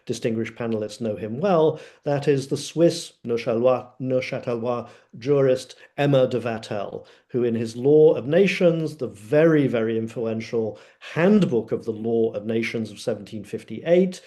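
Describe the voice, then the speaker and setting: A man's voice: mid-range voice, moderate pace, few pauses, mellow. A man speaking as a panelist in an academic webinar, lecturing emphatically with frequent filler sounds.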